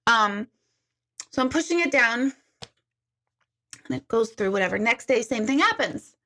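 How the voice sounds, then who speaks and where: A woman's voice: a little high, lively intonation, unhurried, pushed and bright. A woman chatting casually with viewers on a live stream, telling stories, laughing and reading out their comments. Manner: chatty storytelling, laughs often, reads viewer comments aloud. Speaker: intuitive hosting a live chat.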